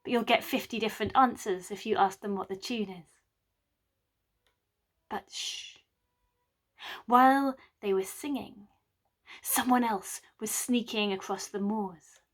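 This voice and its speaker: A woman scholar telling a medieval play aloud as a winter tale, with lively, wry asides to the listener. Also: medium pitch, moderate pace. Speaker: storyteller, medieval drama scholar. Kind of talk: oral storytelling of a medieval play.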